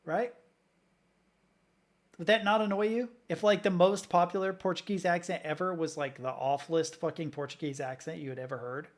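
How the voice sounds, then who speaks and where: This Southern US streamer has a slightly high voice and keeps a steady tone at a moderate pace. He casually rants while reacting to clips live, swearing frequently.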